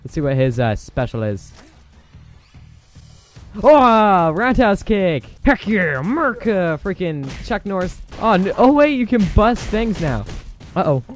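Hyped young guy doing let's play commentary, kinda high voice, game music and gunfire blasting behind. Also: a little slow, pauses often. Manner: excitable, exclaiming and laughing at the game. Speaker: gameplay commentator.

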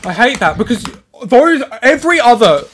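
A man's voice: very high-pitched, very animated, moderate pace, fairly bright tone, faint music behind. A man giving live gameplay commentary, complaining in frustration about a level as he plays. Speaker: gamer playing live.

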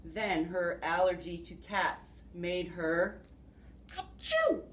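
A woman preschool teacher leading circle time and reading a storybook aloud, giving gentle, encouraging instructions to young children. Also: medium pitch, expressive, slow pace, recorded from a distance. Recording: echoey room with faint background hiss.

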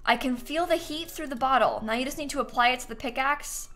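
Young female game streamer: casual, chatty, quick to laugh, with a slightly high voice and keyboard clicks behind. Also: pushed and bright. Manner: chatty, reads quest text aloud, laughs easily. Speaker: gaming streamer. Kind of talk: casual live-stream commentary.

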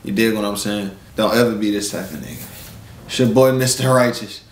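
A man's voice: fairly low pitch, moderate pace, roomy sound, a little hiss or hum. A man giving a blunt, preachy commentary in street slang, lecturing his viewers and calling them "bro". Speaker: live-stream commentator. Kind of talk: casual commentary rant.

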